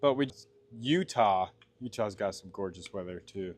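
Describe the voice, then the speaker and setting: A man's voice: on the low side, normal speed. A man from Washington State, a blacksmith livestreaming from his workshop, chatting casually, laughing often, reading his chat aloud and answering it while he works. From Washington State, USA.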